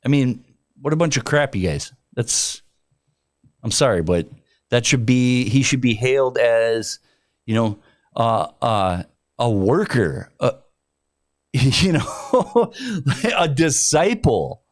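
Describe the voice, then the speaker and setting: Man, reaction host, slow halting talk, dry close sound. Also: medium pitch, lively intonation, dry recording. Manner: slow, hesitant, many fillers and restarts. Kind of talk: casual commentary.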